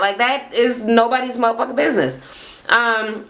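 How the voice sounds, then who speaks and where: A woman's voice: medium pitch, animated, moderate pace, a bit bright. Woman vlogger, blunt and profane, sarcastic recap rant with rhetorical questions.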